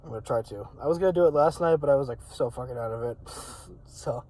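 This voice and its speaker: A man's voice: mid-range voice, rapid-fire, dark tone, low-quality recording. A man hosting his own channel, talking casually and rambling with many fillers, his voice cracking a little. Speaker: wrestling channel host. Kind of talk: casual talk to camera.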